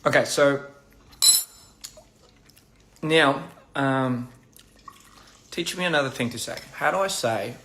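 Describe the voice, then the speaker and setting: A man chatting casually on a live stream during a meal, playful and halting, repeating phrases as he practices pronunciation. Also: medium pitch, background noise. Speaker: livestream host. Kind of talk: casual live-stream chat while eating.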